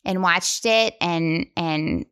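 Slow-talking bright-voiced woman. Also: lowish voice, smooth. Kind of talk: casual chat.

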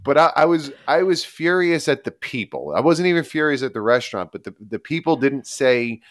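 A man co-hosting a podcast, telling a long story in a rambling, animated, casual way with frequent laughs. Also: mid-range voice, brisk, no room sound, clean studio sound. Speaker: podcast co-host.

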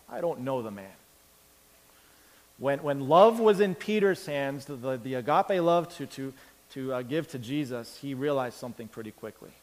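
A man preaching a sermon, telling the story with lively acted-out voices and big swings from loud to quiet. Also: mid-range voice, in a large hall. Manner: animated storytelling, acts out characters with big swings in loudness. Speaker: pastor.

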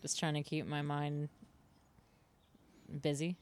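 Man, smooth clear voice, easygoing, hesitant, casual. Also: fairly high pitch, little pitch movement, slow. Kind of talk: casual chat.

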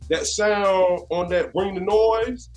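A man from North Carolina, a guest musician telling stories in a casual interview, animated and conversational. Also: high-pitched, slow, soft background music. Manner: animated, conversational, leans on "you know what I'm saying".

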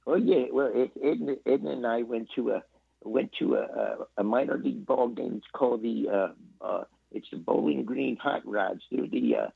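An older man calling in as a regular guest, rambling in a halting, chuckling way with many restarts. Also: mid-range voice, vocal fry, slightly rough, no room sound. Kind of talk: comic phone-in chat. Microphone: phone. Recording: dull, dry phone line.

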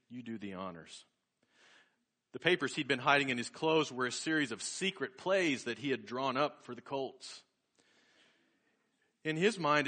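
A man preaching a sermon, telling a personal story in an earnest, reflective way that slows and softens at key points. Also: mid-range voice.

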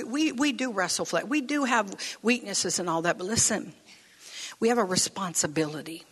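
A middle-aged woman pastor preaching a sermon in a church, telling stories casually and building to bold declarations. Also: mid-range voice. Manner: animated, conversational storytelling with rising declarations. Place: church sanctuary.

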